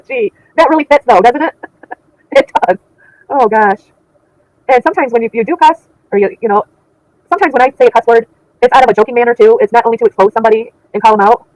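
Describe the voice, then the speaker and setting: Reading her chat aloud, the livestream host, a middle-aged woman, chats with viewers in a laughing, indignant way. She has a fairly high, darkish voice, and the dry recording sounds poor.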